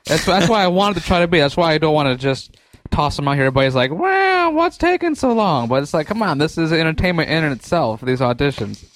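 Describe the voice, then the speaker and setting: A playful man co-hosting a podcast, his voice a bit high for a man. The sound is dry and close, with no room around it. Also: quick pace, fairly bright tone, no room sound. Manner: playful, joking. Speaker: podcast co-host. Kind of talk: casual chat.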